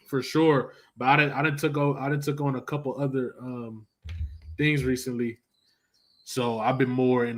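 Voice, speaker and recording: A man's voice: mid-range voice, sharp tone. A young man from Arizona, hosting a livestream and chatting loosely in heavy slang, tagging his points with "you feel me". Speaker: livestream host. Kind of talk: casual livestream chat.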